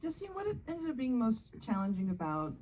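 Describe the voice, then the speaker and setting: A woman's voice: a little high, big pitch swings, fairly quick, a little mellow, a little hiss or hum. A woman moderating a live Q&A, asking questions lightly with laughs, picked up from a distance. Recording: voice picked up from far off.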